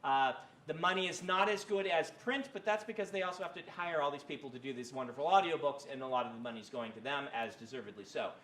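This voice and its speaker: A man's voice: medium pitch, quick pace, fairly bright tone. A man giving a casual university writing lecture, rambling with lots of fillers and restarts. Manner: rambling, many fillers and self-corrections.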